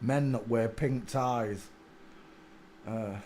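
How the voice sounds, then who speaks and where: A man hosting a live stream, rambling through a monologue and now and then bursting into excited shouts. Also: medium pitch, drawn-out words, slight background noise. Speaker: livestream host.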